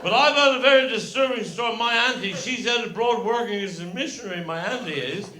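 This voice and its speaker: A man's voice: sits high, fairly quick, a crowd in the background. A man with a Cornish accent telling rambling comic stories on stage, repeating himself with folksy asides. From Cornwall, England. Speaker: comedian. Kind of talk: rambling live stand-up storytelling. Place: live comedy venue with audience. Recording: echoey live venue with audience noise.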